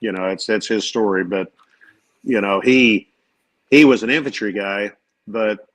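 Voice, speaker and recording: A man's voice: on the low side, unhurried, fairly bright tone, low-quality recording. A man, a Marine veteran co-hosting a podcast, talking earnestly and rambling with many fillers. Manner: earnest, rambling, acts out quoted leaders. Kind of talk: casual chat.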